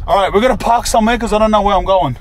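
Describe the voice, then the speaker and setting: A man's voice: sits high, rapid-fire. A young man, vlogging while he drives and joking about it in heavy slang. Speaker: travel vlogger. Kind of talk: casual self-filmed driving commentary. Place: inside a moving car. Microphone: phone camera. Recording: road and engine noise from a moving car.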